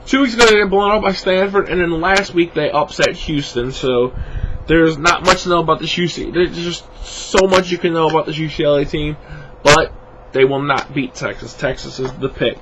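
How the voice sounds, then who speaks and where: A sports vlogger with a somewhat high, fairly even voice talks at normal speed through his football picks, sounding sleepy and yawning. These casual spoken predictions ramble, full of fillers and self-corrections, and the audio is dull with a noisy background.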